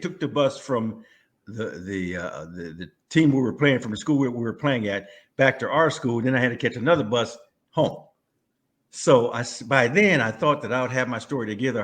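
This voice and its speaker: In a relaxed interview, a former professional football player from California, now in his sixties, tells stories with a medium-pitched voice. He keeps things animated, chuckling and restarting his phrases often.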